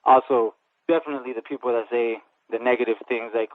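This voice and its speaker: Fast-talking boxer on a tinny line. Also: male voice, medium pitch, fairly even intonation, no room sound. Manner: quick, earnest, repeats words when starting. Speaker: professional boxer. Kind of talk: casual interview answers. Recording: tinny phone-like radio sound, dry.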